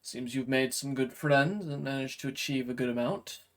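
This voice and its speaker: A man doing a calm dragonkin man in a tabletop game. He speaks slowly and in an understated way. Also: medium pitch, natural voice. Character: calm male dragonkin stranger, undead survivor.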